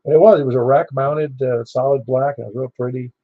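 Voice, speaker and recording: Gravelly man on a lo-fi radio net. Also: mid-range voice, fairly even intonation, fast, no room sound. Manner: easygoing, rambling, with fillers. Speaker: net control of a ham radio net. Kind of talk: casual radio chat. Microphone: radio transceiver mic. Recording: dull dry lo-fi radio audio.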